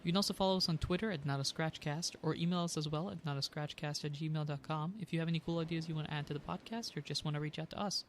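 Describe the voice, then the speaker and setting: A man's voice: fairly high pitch, fairly even intonation, quick pace, few pauses, a little hiss or hum. A man running a tabletop game as game master, talking casually with fillers. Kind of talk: tabletop game narration and podcast outro.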